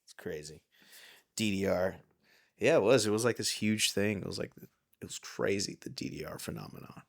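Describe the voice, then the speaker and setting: A man's voice: low-pitched, normal speed, gravelly. A man hosting a comedy podcast, rambling through a story in casual chat with lots of fillers. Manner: rambling, animated, filler-heavy. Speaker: podcast host.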